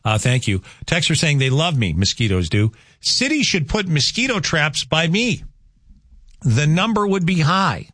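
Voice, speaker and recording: A man hosting a morning radio talk show in a folksy, animated way. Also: a little high, a little slow, no echo, clean studio sound. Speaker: radio host.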